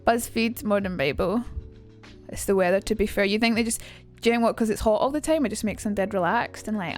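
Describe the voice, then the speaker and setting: A woman's voice: medium pitch, fairly quick, faint music behind. A young woman chatting casually on a live stream, rambling with lots of fillers. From United Kingdom.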